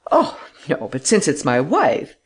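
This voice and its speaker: A man's voice: on the high side, wildly swooping pitch, unhurried, slightly rough, exaggerated voice. A man doing a nervous, evasive aristocrat. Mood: uneasy. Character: anxious aristocratic official, evasive and frightened.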